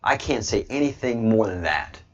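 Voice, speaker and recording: A man with a deep, low voice hosts his online show in heated commentary, hammering points and stumbling over repeated words. The sound is dull and lo-fi. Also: expressive, normal speed. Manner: emphatic, repeats words while pushing a point. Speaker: host of an online video show.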